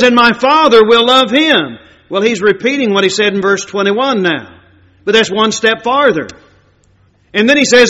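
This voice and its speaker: A man preaching a sermon in a plain-spoken way, moving from loud emphasis to hushed, quiet lines. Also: sits high, long reverb tail, dull audio.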